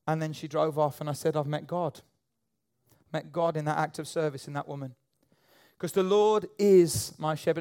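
A man preaching a sermon in a church auditorium, emphatic and repetitive. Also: fairly high pitch. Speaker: pastor.

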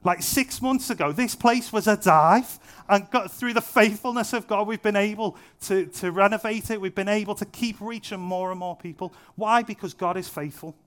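In a church, a young man preaches in a casual, funny, conversational style, teasing himself and repeating points for emphasis. His high, slightly bright voice moves at normal speed with hardly any pauses.

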